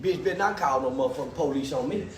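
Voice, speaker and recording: A man voicing a gruff, menacing middle-aged man in a low, threatening mutter. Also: quick pace, lightly acted.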